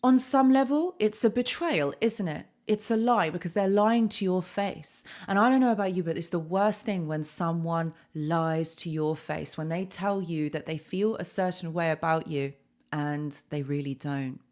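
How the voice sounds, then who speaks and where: A woman's voice: fairly low pitch, moderate pace, a little mellow. A woman hosting a live stream, talking casually to her chat, with many fillers and tag questions.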